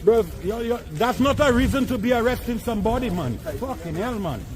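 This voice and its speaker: A man in the street, exasperated and protesting loudly at police as the scene is filmed. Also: extremely high pitch, animated, a little fast, noisy background. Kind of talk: heated street argument. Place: outdoors on a street. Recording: crowd around him in the street.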